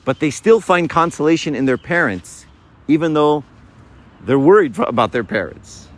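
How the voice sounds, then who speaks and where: A fairly high-pitched man in his fifties speaks at normal speed with lively intonation, giving an informal faith talk to youth. He keeps asking "right?" and performs short scenes, shifting voices as he goes.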